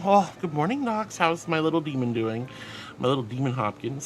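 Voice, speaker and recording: A woman's voice: low voice, normal speed, fairly bright tone, slight background noise. A woman streamer chatting casually and affectionately with her viewers, calling them sweetie and honey, often giggling. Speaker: VTuber streamer. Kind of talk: casual livestream chat.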